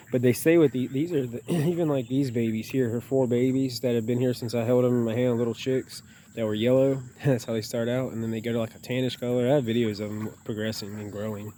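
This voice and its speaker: Male wildlife vlogger, casual and loose, mid pitch, warm low tone. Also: slight background noise. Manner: chatty, loose, talks to the birds. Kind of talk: casual outdoor narration. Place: outdoors by a pond.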